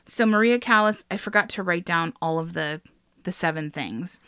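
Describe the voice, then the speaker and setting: Woman, casual podcast co-host, gushing, bright voice, lowish pitch, dry close sound. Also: normal speed, smooth, no echo. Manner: gushing, excitable, swears casually.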